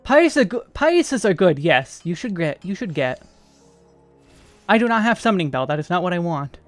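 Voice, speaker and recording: American guy rambling thru a game stream, highish smooth voice, dry close mic, faint music behind. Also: big pitch swings, moderate pace, no echo. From United States. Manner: chatty, thinks aloud, trails off. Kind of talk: casual livestream chat while playing.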